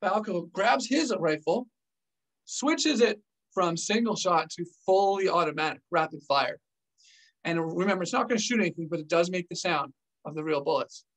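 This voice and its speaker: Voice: medium pitch, moderate pace, recorded from a distance, poor audio. A former army officer telling a war story on a vlog, acting out the scenes with gestures. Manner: animated, acts scenes out with gestures.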